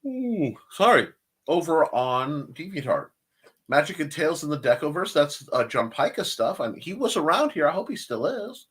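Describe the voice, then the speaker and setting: A man's voice: fairly high pitch, very animated, normal speed, a bit bright, husky. A man hosting a casual live-stream chat show, rambling through plugs with jokey asides and self-corrections. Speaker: show host.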